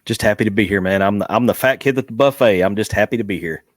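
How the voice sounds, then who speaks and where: A man from Arkansas co-hosting a sports podcast, relaxed and joking, with plenty of fillers. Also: fairly low pitch, quick pace, no echo, clean studio sound. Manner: laid-back, joking, hesitant fillers. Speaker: podcast co-host. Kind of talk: casual sports podcast chat.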